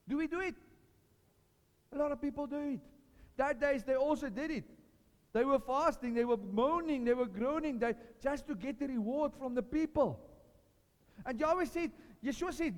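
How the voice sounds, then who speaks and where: A man preaching an informal sermon to a small home gathering, earnest and animated, often restarting his sentences and joking with the listeners. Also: very high voice, moderate pace. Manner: earnest, animated, with frequent restarts and jokes to the room. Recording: long hall reverb.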